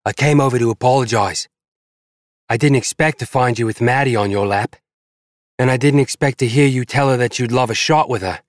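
A man's voice: medium pitch, a little fast, no echo, clean studio sound, voice pushed up, lightly acted. A man voicing a hot-tempered petite young woman who spits her words through gritted teeth. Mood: hurt, accusing.

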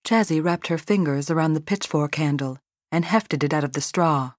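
Female audiobook narrator, low register, dry studio read. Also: normal speed, no room sound. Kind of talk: scripted narration.

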